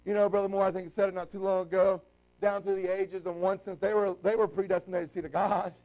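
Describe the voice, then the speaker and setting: A man preaching a sermon with passion, breaking into shouts and slowing down to stress his key lines. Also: sits high, flat delivery. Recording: dull lo-fi recording.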